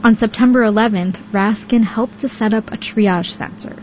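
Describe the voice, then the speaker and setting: A woman reporter narrating a radio news feature in a measured, even way. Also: medium pitch, highs cut off, a little hiss or hum.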